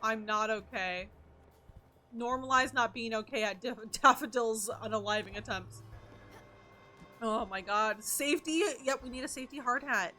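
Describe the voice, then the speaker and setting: A woman streaming a video game, chatting in a playful, expressive way and swearing freely. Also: a little high, moderate pace, faint music behind. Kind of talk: casual gaming livestream commentary.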